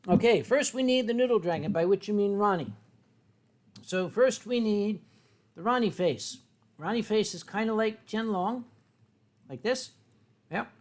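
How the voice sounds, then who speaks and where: A man's voice: high-pitched, unhurried, long pauses. A man hosting a livestream, chatting playfully and rambling with lots of fillers while he draws viewer requests. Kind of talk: casual rambling chat while drawing.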